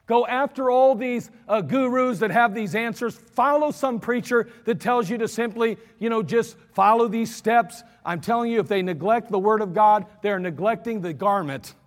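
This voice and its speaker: A man preaching an emphatic sermon, slowing down and repeating lines for stress. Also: sits high, big-room sound. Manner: emphatic, repetitive, slows for stress.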